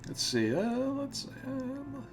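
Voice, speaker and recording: A man's voice: very high voice, sing-song, slow, music in the background. A man hosting a let's play, reading a visual novel aloud with amused commentary and frequent stumbles. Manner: amused, often laughing and stumbling over words.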